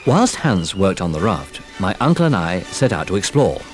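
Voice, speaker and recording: A man narrating a children's storybook recording in a lively, expressive telling. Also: deep voice, moderate pace. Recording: old storybook record with music.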